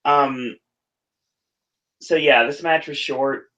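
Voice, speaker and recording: Slow, bright and forceful, this man's medium-pitched voice holds a steady tone on a muffled recording. As a podcast host casually recapping wrestling, he rambles, self-corrects and laughs easily.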